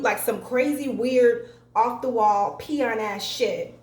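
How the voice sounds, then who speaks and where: A young woman vlogger tells a story casually and profanely, animatedly acting out quotes as she retells it. Her voice is a little high and a little slow, in an echoey room with faint ambience.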